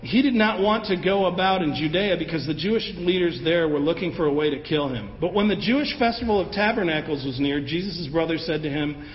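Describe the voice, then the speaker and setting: Animated male preacher in an echoey hall. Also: on the high side, brisk, few pauses, slight background noise. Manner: conversational, animated, acts out the voices of the people in the story. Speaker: pastor. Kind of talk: sermon. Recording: roomy hall with long echo, dull sound, faint ambience.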